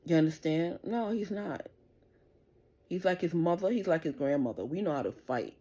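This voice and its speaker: A woman's voice: on the low side, expressive, normal speed, warm tone, slightly rough. A middle-aged woman venting an angry, profane rant straight to camera, jabbing with "you understand?" over and over. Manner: profane, confrontational, keeps asking "you understand?". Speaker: vlogger.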